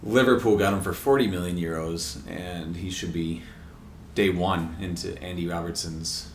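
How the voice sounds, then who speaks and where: A man's voice: low-pitched, steady tone, moderate pace. A man co-hosting a podcast, casually and enthusiastically running through a list of soccer transfers and laughing often. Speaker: podcast co-host. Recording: echoey room with faint noise.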